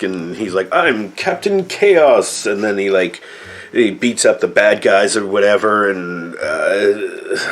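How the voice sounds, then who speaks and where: A man's voice: lowish voice, a bit bright. A middle-aged man giving a rambling, sarcastic and profane movie review. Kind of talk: casual spoken movie review.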